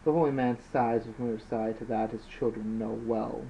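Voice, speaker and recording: A man's voice: medium pitch, fairly even intonation, fairly quick, creaky, warm tone. A man reading his own story aloud as an amateur audiobook narrator, plainly and with occasional slips. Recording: dull lo-fi with faint hiss.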